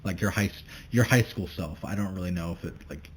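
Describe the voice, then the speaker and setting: A man's voice: low-pitched, fairly quick, slight background noise. A young man guesting on a podcast, talking in a casual, unsure way full of fillers. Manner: unsure, fills with "like".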